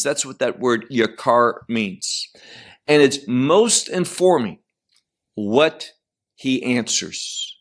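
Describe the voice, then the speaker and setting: A man's voice: medium pitch, expressive, takes it slowly. A middle-aged man teaching a Bible passage verse by verse, stressing single words and explaining Hebrew terms.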